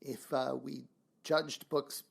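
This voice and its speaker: Gravelly-voiced male radio interviewer. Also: medium pitch, little pitch movement, slow pace.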